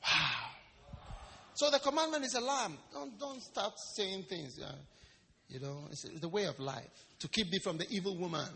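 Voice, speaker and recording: A man preaching a sermon in a lively, storytelling way, acting out quotes and jokes. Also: high-pitched, gravelly. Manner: animated, storytelling with acted quotes and stammering imitations. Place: church service hall. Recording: long reverb of a large hall.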